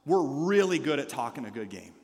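A male pastor preaching a sermon, energetically leading the congregation in call-and-response and dropping into quiet asides. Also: medium pitch, big pitch swings, fairly quick, in a large hall. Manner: shifts between loud exhortation and quiet asides. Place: church sanctuary.

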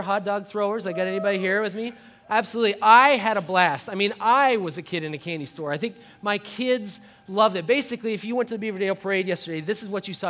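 A high-pitched man in his thirties preaches from the front of a church. He tells his story with animated energy, jumping between a soft, hushed tone and bursts of shouting as he acts out the scene. The sound is of a sermon delivered to a congregation. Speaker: pastor. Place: church sanctuary.

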